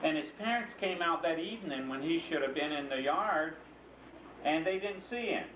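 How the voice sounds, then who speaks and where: A man's voice: a little high, animated, normal speed, fairly bright tone, slight background noise. A man patiently explaining customs and telling a story to a child, often asking the listener to join in. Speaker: interviewee and storyteller. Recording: echoey room, mic at a distance.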